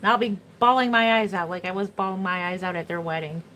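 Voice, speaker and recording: A chatty middle-aged woman talks through a livestream at an easy, even pitch, rambling from one story to the next and laughing often. Faint room noise sits behind her voice. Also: fast talker, poor audio. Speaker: reborn doll artist. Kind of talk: casual livestream chat.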